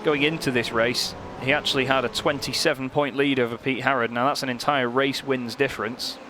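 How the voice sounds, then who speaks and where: A young man commentating on a sim race, lively and joking, growing excited at close moments. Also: mid-range voice, a little fast. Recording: commentary over loud race car noise.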